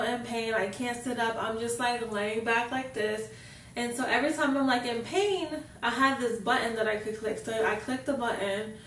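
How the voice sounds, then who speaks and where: A woman's voice: fairly high pitch, fairly bright tone, far from the mic, slight background noise. A young woman vlogger telling a personal story in a casual, chatty way, filling her sentences with "like". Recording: roomy echo, mic set back.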